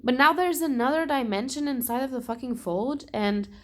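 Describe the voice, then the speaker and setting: A young woman talking casually in a book vlog, animated and exasperated, swearing and laughing often. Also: sits high, normal speed. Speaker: book vlogger.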